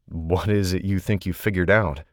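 A guarded grown man, answering evenly and without fuss, as a male audiobook narrator puts him on. His voice is deep and low, and the recording is close and dry. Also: moderate pace, no echo, close to an everyday voice. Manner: even, matter-of-fact. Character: calm, guarded adult male investigator.

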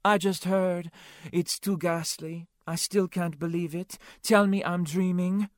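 A man voicing a flamboyant café owner with a high, fluting voice and a put-on French accent, talking in a gushing, dramatic way. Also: fairly even intonation, measured pace, no room sound, clean studio sound.

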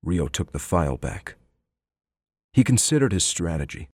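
A man narrating an audiobook in a measured, even storytelling manner on a close studio mic. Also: low voice, slightly rough, no room sound. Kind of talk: scripted narration.

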